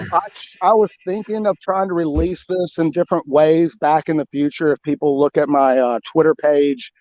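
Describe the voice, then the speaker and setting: A man talking about his book as a guest in a casual interview, rambling and animated, with many restarts and fillers. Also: a little high, dry recording, dull audio. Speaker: guest author.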